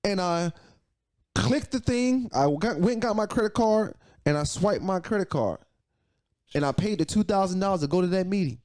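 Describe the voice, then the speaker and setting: Animated man telling his story. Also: sits high, normal speed. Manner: animated, profane, repeats phrases for emphasis. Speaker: podcast guest, entrepreneur. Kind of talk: casual storytelling.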